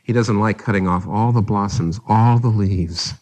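A man's voice: fairly low pitch, moderate pace, a little mellow. A middle-aged male pastor delivering a sermon, pressing home his points with emphatic rhetorical questions.

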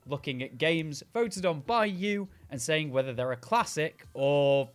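A man's voice: fairly high pitch, animated, measured pace. Playful male podcast co-host. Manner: playful, jokey banter. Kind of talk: casual chat.

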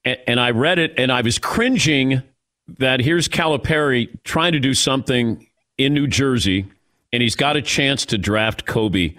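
A man hosting a sports talk radio show, introducing his guest and asking him questions in a brisk, conversational way. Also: mid-range voice, a bit bright, no room sound, studio quality.

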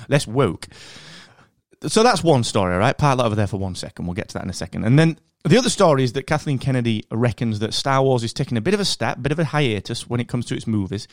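A man with a Northern English accent hosting a podcast, chatting in an animated, rambling way with plenty of fillers. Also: medium pitch, racing, hardly any pauses, dry recording, studio quality. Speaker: podcast host. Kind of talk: casual podcast monologue.

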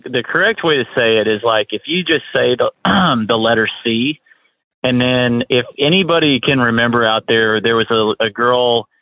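A man being interviewed as a guest angler, talking in a relaxed, rambling way with many restarts. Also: mid-range voice, no room sound. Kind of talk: casual interview. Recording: tinny phone line.

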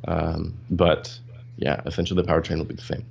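A man co-hosting a casual podcast chat, halting with fillers and restarts and laughing often. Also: deep voice, level tone, creaky, a little mellow, dull audio. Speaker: podcast co-host.

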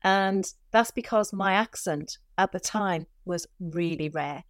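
A middle-aged woman speaks in a lowish voice with a softened Liverpool accent. She talks candidly and chattily, full of asides and fillers, and the dry, close recording has almost no room sound. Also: takes it slowly, hardly any pauses, no room sound. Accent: mild Liverpool, softened toward southern English. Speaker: guest, former cabinet minister. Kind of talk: casual conversational interview.

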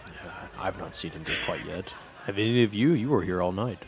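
A man playing a tabletop game, speaking bluntly and deliberately in character. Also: deep voice, some chatter behind. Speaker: player.

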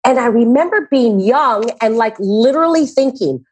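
A woman's voice: on the high side, moderate pace, husky, dry recording. A woman talking as a podcast guest who teaches, telling stories and acting out quoted questions in a casual chat. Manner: expressive storyteller, acts out quotes.

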